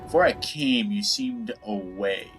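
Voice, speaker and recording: A man's voice: on the low side, measured pace. A man streaming a game, reading dialogue choices aloud in loose, joking let's-play commentary. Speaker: gaming streamer. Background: game music.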